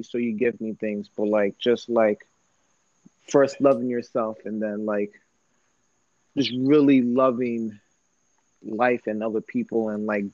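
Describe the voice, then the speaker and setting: A man's voice: medium pitch, darkish tone, no echo. A young man co-hosting a podcast in casual chat, filling his talk with "like" and easy slang. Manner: says "like" constantly, laid-back slang. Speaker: podcast co-host. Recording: dry, dull lo-fi sound.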